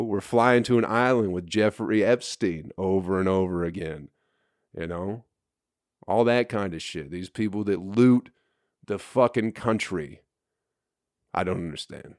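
Hungover male podcast host, solo rant: low voice, profane and exasperated, rambling, recorded dry. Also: measured pace, darkish tone, no room sound. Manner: rambling, repeats himself.

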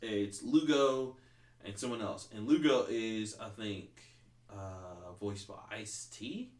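A man's voice: lowish voice, slow, a little mellow. A man hosting a podcast in casual chat, rambling and swearing, leaning on "like" as filler. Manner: rambling, profane, heavy use of "like". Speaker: podcast host. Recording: roomy echo.

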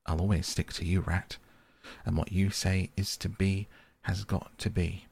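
Loyal wistful mole, low gravelly man reading, gentle bedtime audiobook. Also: level tone, unhurried, heavily acted.

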